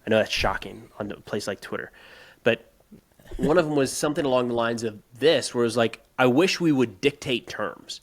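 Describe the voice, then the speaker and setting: A man co-hosting a podcast, talking through politics casually and turning animated and emphatic as he rants. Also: mid-range voice, a little fast. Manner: animated, rising to emphatic outbursts when ranting; conversational with frequent restarts. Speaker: podcast co-host.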